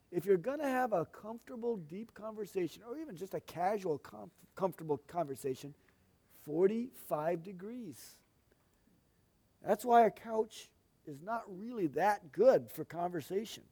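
Middle-aged male pastor, fairly high voice, homespun and talkative from the pulpit. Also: animated, unhurried, dark tone. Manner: folksy, chatty, asides to the congregation. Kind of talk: sermon-style teaching.

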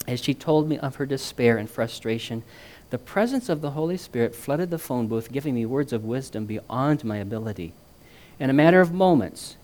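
Male storyteller, middle pitch, reads aloud with animated, acted-out dialogue. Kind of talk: reading a first-person story aloud with asides.

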